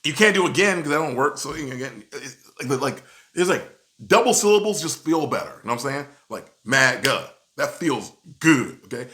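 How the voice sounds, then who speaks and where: Bright-voiced, animated male commentator. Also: mid-range voice, normal speed. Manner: animated, with frequent "you know what I'm saying". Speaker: video commentator. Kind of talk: casual commentary.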